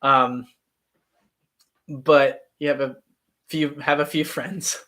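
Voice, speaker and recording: A man's voice: on the high side, fairly even intonation, slow pace, sharp tone. A man in his twenties, an actor and channel host, chatting casually on a live stream and answering viewer comments. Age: 20s.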